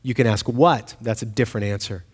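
A man's voice: fairly low pitch, fairly even intonation, a little fast, husky, big-room sound. A man preaching a sermon in a conversational way, asking the congregation questions and acting out the voices he quotes. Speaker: pastor.

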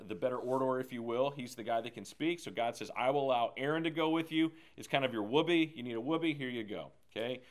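A man leading a Bible study group in a relaxed, conversational way, often checking in with "okay?" and "right?" and putting questions to the room. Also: medium pitch. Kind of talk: casual Bible teaching.

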